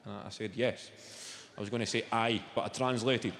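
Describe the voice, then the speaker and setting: A Glaswegian man doing a stand-up comedy set, bantering with the crowd in a loud, swearing manner. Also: fairly low pitch, fairly even intonation, quick pace, gravelly, heavy background noise. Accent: Scottish, Glaswegian. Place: large theatre stage with audience. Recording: roomy hall reverb over loud audience.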